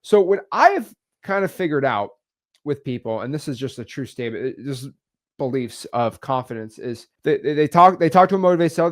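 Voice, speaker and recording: A man coaching on real estate wholesaling, energetic and repetitive, acting out example calls. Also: on the high side, normal speed. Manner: energetic, repeats words, acts out examples. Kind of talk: teaching talk on video.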